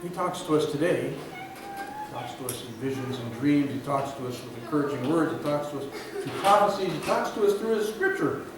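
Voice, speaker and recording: A man's voice: fairly high pitch, huge pitch swings, crowd noise. Fervent preacher man in an echoey hall. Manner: storytelling preacher, swings from loud emphatic peaks to quiet, drawn-out endings. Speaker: pastor. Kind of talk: sermon. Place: church sanctuary. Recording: echoey hall, recorded from far off, audible room noise.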